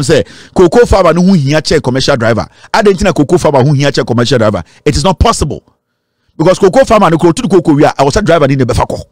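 A man's voice: on the high side, no echo, studio quality. Fired-up Ghanaian man commenting on politics. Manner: impassioned, switching between Twi and English.

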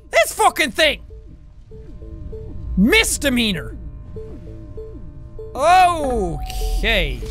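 Young male gamer, high bright voice, rowdy and sweary, quick swings from shouting to muttering. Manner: excitable, loud, swears a lot, jumps between shouts and mutters. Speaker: gaming YouTuber. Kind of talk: let's play commentary.

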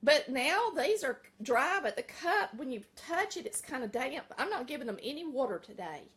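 In a casual kitchen vlog filmed at home, a middle-aged woman with a Southern American accent talks folksily to her audience at a moderate pace. Her high voice is very animated with a fairly bright tone.

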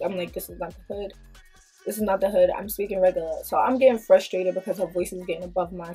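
A woman vlogger who tells a story in an animated, blunt way, with plenty of swearing. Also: mid-range voice, slightly rough. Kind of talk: storytime vlog.

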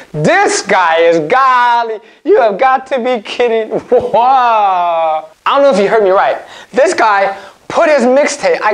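Lady host doing comic news, super animated, kinda high voice, keeps cracking up. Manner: animated, laughing, incredulous. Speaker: comedy podcast host.

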